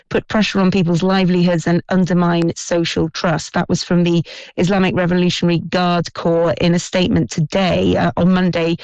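A female news correspondent with a smooth, clean voice, recorded close and dry. She reports in a measured way, pausing often on ums and correcting herself as she goes. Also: lowish voice, a little mellow, dry recording, rough recording. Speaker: foreign correspondent. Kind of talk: live radio report.

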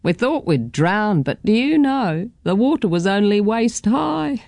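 A woman doing a gentle, nostalgic grandmother. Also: medium pitch, very animated, creaky, no echo, voice pushed up. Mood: reminiscing. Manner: slow, soft, reminiscing.

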